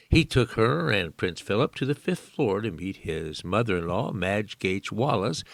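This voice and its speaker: A man's voice: deep voice, vocal fry, a bit bright, no echo. A man, a volunteer reader in a studio, reading news articles aloud with folksy asides of his own. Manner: folksy, aside-prone, amused.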